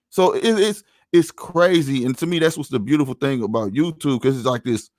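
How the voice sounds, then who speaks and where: With lively intonation and a brisk delivery, this podcast host from St. Louis speaks in a voice on the high side. The audio is studio quality without room sound, and his casual chat is slangy, story-driven, and loaded with "you know what I'm saying."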